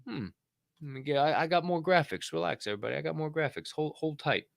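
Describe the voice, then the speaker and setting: A man's voice: fairly high pitch, expressive, fast, vocal fry, dry recording. A man hosting a podcast, giving casual news commentary in a joking, profane way, reading items aloud with asides. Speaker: podcast host.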